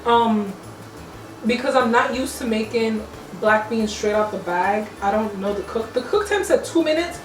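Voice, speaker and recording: Speaking at a moderate pace in a slightly high voice, a young woman cooks at home and chats with her viewers, casual and full of slang. The kitchen echoes into a distant mic while music plays in the background.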